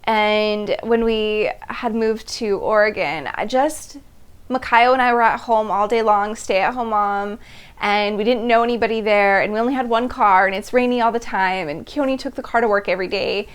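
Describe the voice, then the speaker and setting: A woman in her thirties hosts a personal storytelling monologue, speaking with a smooth, medium-pitched voice at a moderate pace. She's animated, laughing between phrases as she acts out how she reacted back then.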